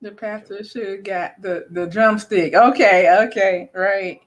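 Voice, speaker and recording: A woman's voice: medium pitch, measured pace. A woman hosting a casual live chat, telling family stories with lots of laughter, putting on relatives' voices and reading out viewer comments. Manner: animated storytelling, laughing often; drops into quoted voices of relatives. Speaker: host.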